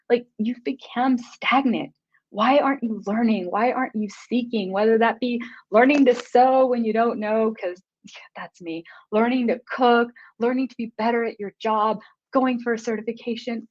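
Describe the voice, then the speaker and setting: A woman giving a motivational conference talk, earnest and emotional, speaking in quick bursts. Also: on the high side. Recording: dull lo-fi recording.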